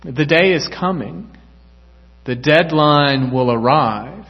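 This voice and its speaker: A male pastor preaching a sermon in a church, earnest and measured. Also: fairly high pitch, expressive. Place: church sanctuary. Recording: echoey church hall, dull lo-fi sound.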